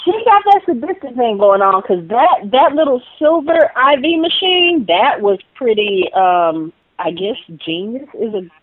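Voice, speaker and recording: A woman co-hosting a casual TV recap, talking in an animated, gushing fan manner. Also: a little high, unhurried, few pauses, no room sound. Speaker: podcast co-host. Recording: tinny phone-line sound.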